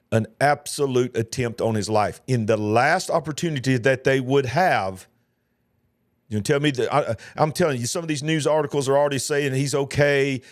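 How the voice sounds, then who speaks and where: A man's voice: medium pitch, no room sound, clean studio sound. A man, hosting a live news reaction show, talking in an emphatic, emotional way and repeating himself. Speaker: host.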